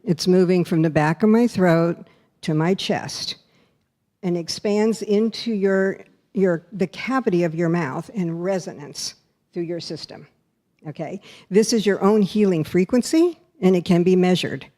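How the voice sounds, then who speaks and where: A woman's voice: lowish voice, measured pace, warm tone. A woman minister giving a demonstrative talk that guides a congregation through breathing. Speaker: spiritual center minister.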